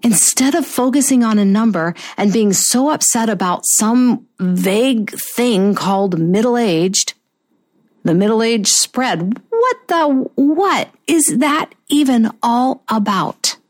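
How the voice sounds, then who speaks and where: A woman in her fifties hosting a motivational talk show, earnest and encouraging, slowing down to stress key phrases. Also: on the high side, animated. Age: 50s. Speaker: podcast host.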